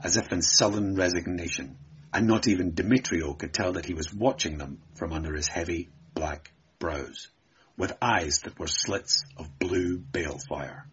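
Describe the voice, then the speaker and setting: A man narrating an adventure audiobook in a measured, dramatic storytelling manner. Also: sits low, a bit bright, husky, muffled recording. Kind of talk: audiobook reading.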